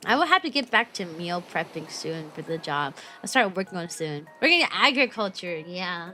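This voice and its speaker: A woman's voice: medium pitch, sing-song, brisk, hardly any pauses, over music. A young adult woman streaming as a VTuber, chatting casually with viewers, filling her talk with "like" and laughing often.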